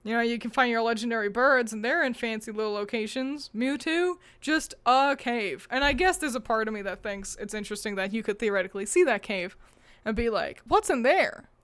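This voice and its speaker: A chatty woman with a fairly high voice rambles playfully through casual talk. She swears offhandedly and keeps the tone loose and joking. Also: fast talker, fairly bright tone, smooth. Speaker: podcast co-host. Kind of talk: casual chat.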